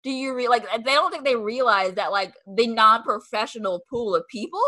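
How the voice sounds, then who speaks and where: A young woman hosts a podcast in a chatty way, dropping lots of "like" fillers and acting out what people said to her. Her voice is on the high side, pushed and bright, at normal speed.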